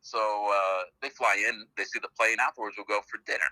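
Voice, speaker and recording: Canadian male actor, middle-aged, phone guest; chatty rambler, low-pitched, very bright and tense. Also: steady tone, fast, dry recording, rough recording. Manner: chatty, rambling storyteller with many fillers. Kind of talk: casual phone interview. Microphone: phone call.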